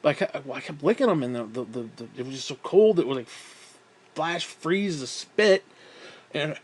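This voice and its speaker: A man's voice: medium pitch, very animated, fast, mellow, slightly rough. A man telling a rambling story in a casual monologue, swearing often, exasperated and mocking himself, with frequent sighs. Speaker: vlogger.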